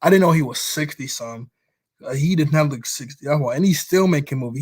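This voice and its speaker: A man's voice: a little high, fast, husky. A man chatting casually about movies he likes, rambling along, often chuckling as he retells scenes. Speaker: vlogger.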